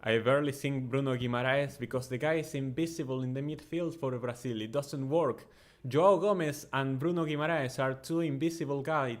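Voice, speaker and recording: A man hosting a football watchalong, giving excitable, chatty live commentary with frequent ums and uhs. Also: medium pitch, normal speed, few pauses. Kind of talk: casual live match commentary and chat.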